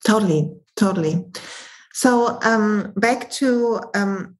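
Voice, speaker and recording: A woman's voice: medium pitch, slow pace, rough recording. A woman from Germany with a German accent, hosting a podcast, asking her questions hesitantly with many ums. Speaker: podcast host. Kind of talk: casual podcast interview.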